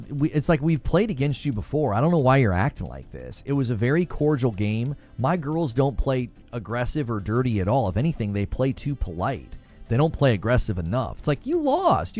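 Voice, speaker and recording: Animated middle-aged man, heated storyteller. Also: mid-range voice. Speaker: podcast host. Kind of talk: casual chat.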